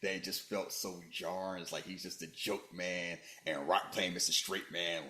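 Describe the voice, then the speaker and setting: A man hosting a podcast in casual movie chat, joking and animated, jumping from loud bursts to low muttering. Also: measured pace. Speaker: podcast host. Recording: roomy echo.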